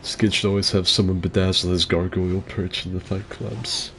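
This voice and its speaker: A man with a rough, gravelly voice giving crude, joking commentary on a game fight club and answering chat as the host. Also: low voice, level tone, normal speed, fairly bright tone, soft background music. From mixed heritage, partly Asian. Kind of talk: casual gaming commentary.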